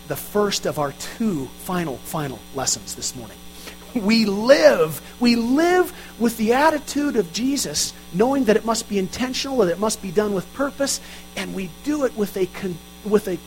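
Earnest preacher man with a high voice. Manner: earnest, rising to emphatic, self-deprecating asides. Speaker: pastor. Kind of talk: sermon. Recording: faint mains hum.

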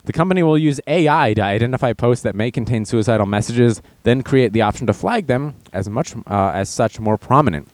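A man's voice: mid-range voice, animated, fairly quick, hardly any pauses, dry recording. Sarcastic man riffing on headlines. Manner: sarcastic, mocking with put-on voices; reads headlines then riffs on them. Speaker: show host. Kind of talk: casual news commentary.

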